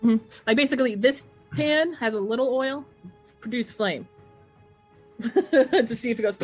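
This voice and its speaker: A woman's voice: fairly high pitch, unhurried, a little mellow, faint music behind. A woman playing a tabletop game, talking urgently in character and laughing often. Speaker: player.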